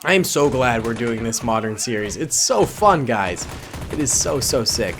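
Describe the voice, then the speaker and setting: A man in his twenties giving excitable, goofy, chatty commentary over a battle simulation game. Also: medium pitch, normal speed, over music. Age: 20s. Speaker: gaming YouTuber. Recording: gunfire and battle noise under voice. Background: game gunfire and explosions.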